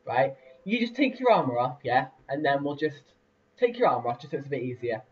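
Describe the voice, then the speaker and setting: A man's voice: mid-range voice, very animated, a little fast. A young man casually commentating a building game, rambling with lots of fillers and laughs. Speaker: let's play host. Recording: distant lo-fi mic.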